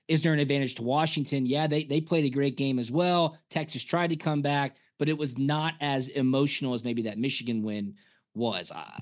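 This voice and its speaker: Man telling animated football stories. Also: mid-range voice. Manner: animated storyteller, acts out quotes. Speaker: podcast co-host, former punter. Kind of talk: casual sports podcast chat.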